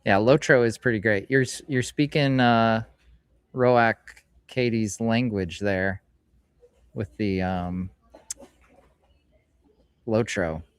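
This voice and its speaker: A middle-aged man hosts a casual live stream, chatting in a rambling way and reading card names aloud slowly. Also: on the low side, clear, resonant tone, no echo. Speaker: streamer host. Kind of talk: casual live-stream chat while opening card packs. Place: hobby store, indoors.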